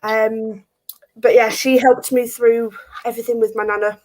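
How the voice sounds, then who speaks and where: Chatty woman guest, high voice, lots of fillers, video-call chat. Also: flat delivery, normal speed, a little mellow.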